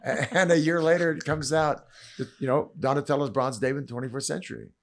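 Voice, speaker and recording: A man's voice: fairly even intonation, brisk. Older man telling stories with dramatic swings. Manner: acts out quotes with big swings in pitch and loudness; drops low and quiet for asides. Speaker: guest. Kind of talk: animated storytelling chat.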